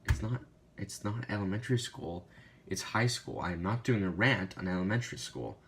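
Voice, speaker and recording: A man's voice: fairly low pitch, a little fast. Man flubbing his lines, laughing at himself. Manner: self-mocking, stumbling over lines. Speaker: vlogger filming outtakes. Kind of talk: bloopers of a scripted advice video.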